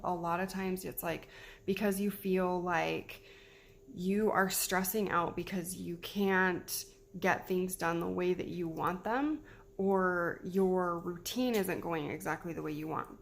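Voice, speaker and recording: In a casual to-camera talk, a mom in her thirties chats encouragingly about self-care, repeating herself now and then. She has a lowish voice, and a faint hiss or hum runs through the audio.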